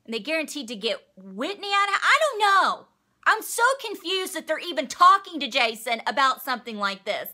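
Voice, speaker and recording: A young woman ranting sarcastically through a casual recap of the week. Her voice is bright and clear, and her pitch swings widely. She speaks slowly and deliberately, with plenty of exasperated asides. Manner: sarcastic, exasperated, swears freely. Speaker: vlog host recapping a reality show.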